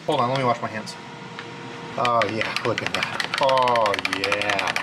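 A man's voice: mid-range voice, measured pace, background noise. A man hosting a fishing channel, narrating a casual cooking vlog in his home kitchen. He talks loosely and jokes as he cooks.

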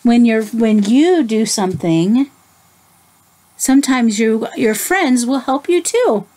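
A woman teacher reading a picture book aloud to children, gently stopping to ask them questions. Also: a little high, animated. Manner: slow, gentle, asks the listeners questions. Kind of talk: children's story read-aloud.

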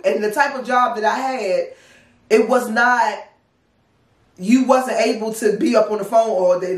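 A woman in her thirties from the Washington DC area, telling a personal story in a casual, profane, animated and wry way. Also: medium pitch. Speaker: storytime vlogger. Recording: roomy sound, distant from mic.

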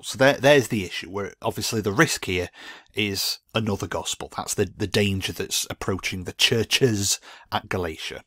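A man's voice: on the low side, moderate pace, a bit bright, no echo, clean studio sound. A man giving a Christian video commentary, arguing emphatically against a preacher's teaching with frequent restarts and repeated words. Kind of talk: monologue rebutting a preacher with scripture.

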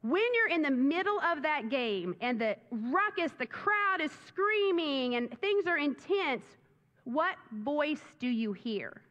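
High-voiced animated woman pastor preaching. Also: takes it slowly. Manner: animated, enthusiastic preaching with rising exclamations. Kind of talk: sermon. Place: church sanctuary. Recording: dull sound with long reverb in a church.

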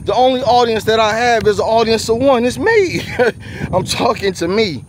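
A man's voice: very high voice, animated, normal speed, slight background noise. A man, talking to the camera in a preachy rant while walking outdoors on a bayou trail, sweaty and short of breath. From USA. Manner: loud, preachy rants with frequent laughs. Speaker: vlogger. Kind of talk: walking vlog monologue. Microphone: handheld camera while walking.

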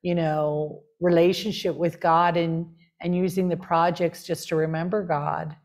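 A woman with a somewhat low voice shares her spiritual story in easy conversation. She sounds earnest and rapt, and her talk is full of "like" and "you know." The tone stays heartfelt throughout. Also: flat delivery, a little slow, a little mellow. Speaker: spiritual community member sharing her story.

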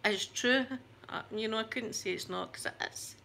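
Bright-voiced Scottish woman chatting to camera. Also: mid-range voice, moderate pace, creaky, a little hiss or hum. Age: 40s. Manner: rambling and self-mocking. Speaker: YouTuber.

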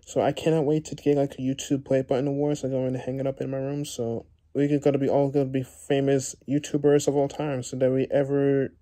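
A tearful young man talks straight to his viewers in a very dark, mellow voice. He stumbles and repeats himself constantly, restarting his sentences over and over. His pitch sits in an ordinary middle range. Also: flat delivery. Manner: halting, many repeated words and restarts. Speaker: YouTuber. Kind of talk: emotional vlog talk to viewers.

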